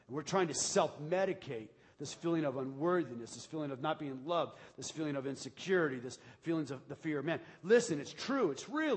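A man preaching a sermon as pastor, going from hushed talk to shouted preaching in a large church. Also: on the high side, breathy edge. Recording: long hall reverb.

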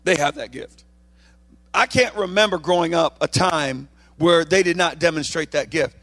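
A man with a high, bright voice preaches to a morning congregation. He reads scripture aloud, then breaks into playful, animated asides. His delivery is loud and full of energy. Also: moderate pace. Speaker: guest preacher. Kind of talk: sermon.

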